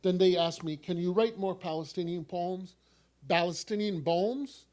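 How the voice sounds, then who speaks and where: A man's voice: sits high, a little slow, darkish tone. A man with a New York accent from New York City, reading his own poem aloud with a wry, repeating refrain. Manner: wry, repetitive refrain delivery. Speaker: poet. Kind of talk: poetry reading.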